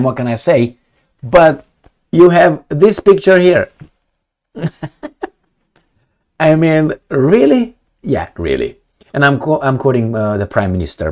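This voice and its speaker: Blunt, animated male news commentator. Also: medium pitch. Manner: blunt, profane, opinionated; rambling with many fillers and restarts. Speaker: political commentator. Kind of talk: casual commentary on news articles.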